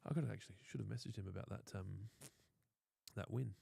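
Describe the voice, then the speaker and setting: A man's voice: on the low side, fast, vocal fry, warm tone, slightly rough, no echo. An Australian man co-hosting a lawn care live stream, chatting casually, joking and swearing freely. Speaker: co-host of a lawn care show.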